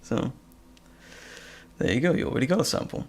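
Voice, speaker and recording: A man's voice: medium pitch, expressive, a little fast, darkish tone. A man hosting a casual live stream, reading chat questions aloud with frequent ums and hesitations. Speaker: live stream host and audio creator.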